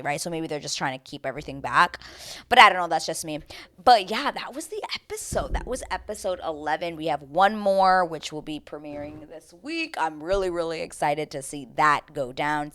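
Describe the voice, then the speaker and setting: A woman vlogger with a low-pitched voice gives a casual, opinionated recap of a reality show. She's chatty and emphatic, full of slang and tangents.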